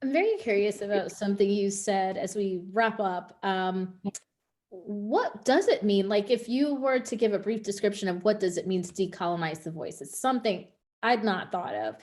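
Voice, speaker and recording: A woman interviewing a guest, curious and expressive in her questions, with a conversational radio-host manner. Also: medium pitch, normal speed. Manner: curious, expressive, laughs easily.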